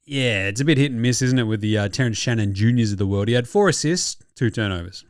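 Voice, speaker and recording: Brief: australian male podcast host, lively swooping delivery, dry close sound, cheeky and sweary. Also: medium pitch, fast, clean tone, no echo. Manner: animated, sweary, mock-outraged banter. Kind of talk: casual sports recap.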